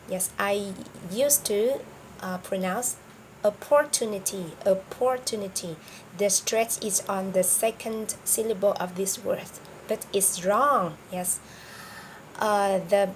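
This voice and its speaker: A woman's voice: mid-range voice, slight background noise, poor audio. A woman with a Vietnamese accent, a native Vietnamese speaker teaching an English vocabulary lesson, hesitant with many fillers and restarts.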